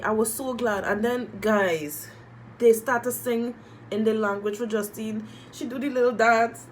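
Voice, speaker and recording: A woman reviewing a reality TV episode in casual chat, animated and emotional, repeating phrases and using slang. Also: fairly high pitch, unhurried, a little hiss or hum, poor audio. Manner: moved and emotional while talking.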